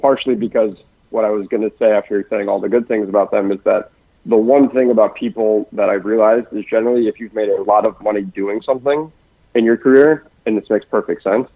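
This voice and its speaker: A man who works in investments at a family office, talking quickly and densely in a podcast conversation, with frequent restarts. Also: fairly low pitch, steady tone, no echo. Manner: rapid-fire, dense talker with many restarts. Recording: dry, phone-like lo-fi sound.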